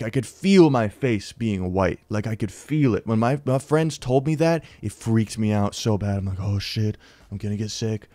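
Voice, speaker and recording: A man's voice: medium pitch, a little mellow, dry recording. A young man in his twenties telling a story in a casual vlog, rambling and laid-back, swearing often and calling people dude.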